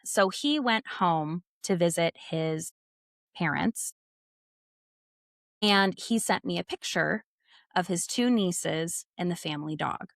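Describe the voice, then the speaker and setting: A young adult woman, an interview guest, telling a personal story in a lively way and acting out the dialogue she quotes. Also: lowish voice, slow, gravelly, long pauses, no room sound, clean studio sound.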